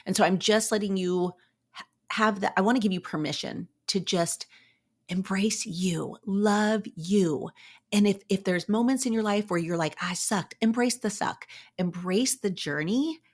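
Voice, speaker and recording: A woman's voice: medium pitch, moderate pace. A woman hosting a podcast, talking casually and encouragingly, upbeat and chatty with playful asides. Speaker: podcast host. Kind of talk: casual motivational talk.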